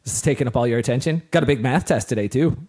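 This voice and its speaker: A middle-aged man co-hosting a casual sports podcast with his son, upbeat and quick to laugh, often restarting his sentences. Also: mid-range voice, a little mellow, a little hiss or hum. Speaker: co-host, father.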